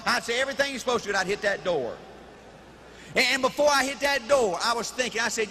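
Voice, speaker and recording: A man giving a live motivational speech in an animated, folksy way, with punchy repetition and shouting. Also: very high voice, fairly quick. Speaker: motivational speaker. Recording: reverberant hall, faint noise.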